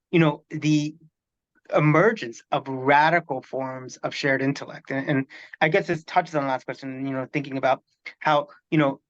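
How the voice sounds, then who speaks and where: A man's voice: mid-range voice, a bit bright, no room sound, muffled recording. Rambling male interviewer, dry sound. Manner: rambling, searching questions. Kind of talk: academic conversation.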